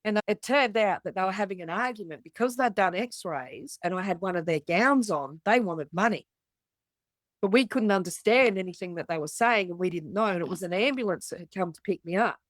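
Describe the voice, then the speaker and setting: A woman's voice: mid-range voice, lively intonation, fairly quick, dry recording. Blunt Australian woman telling a story. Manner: blunt, swears freely, acts out the voices of others. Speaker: podcast guest. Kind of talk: candid storytelling.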